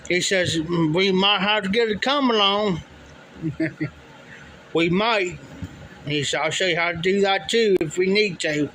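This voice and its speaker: A man's voice: high voice, unhurried, pauses often, a bit bright, slight background noise, low-quality recording. A man casually telling a long story, rambling and repeating "he says" and "I said" as he quotes people. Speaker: livestream storyteller. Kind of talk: casual spoken anecdote.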